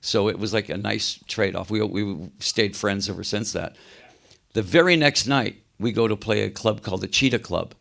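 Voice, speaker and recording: Older male rock singer, gravelly, animated storyteller on a video call. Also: fairly low pitch, moderate pace. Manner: animated anecdotes, acts out quoted voices. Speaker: interview guest, rock singer. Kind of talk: casual storytelling interview.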